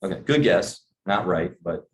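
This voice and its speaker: In a low, lively voice at a moderate pace, a middle-aged man delivers a sales training talk to a group, chatting casually and questioning his audience often. A little hiss or hum is audible.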